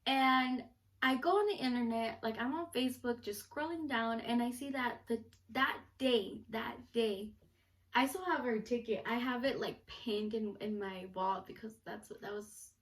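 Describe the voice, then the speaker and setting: A young woman telling an animated story to camera in a casual vlog, filling her talk with "like". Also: on the high side, normal speed. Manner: chatty, animated, lots of filler "like". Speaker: vlogger.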